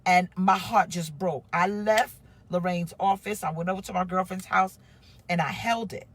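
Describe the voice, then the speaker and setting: A woman's voice: on the low side, normal speed. A woman pastor, telling her own story with feeling to a live-stream audience. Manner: emotional, animated storytelling with acted quotes.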